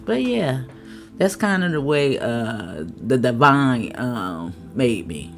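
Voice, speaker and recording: A woman giving a casual tarot reading, chatty, with laughing asides and drawn-out exclamations. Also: very deep voice, very animated, faint music behind. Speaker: tarot reader.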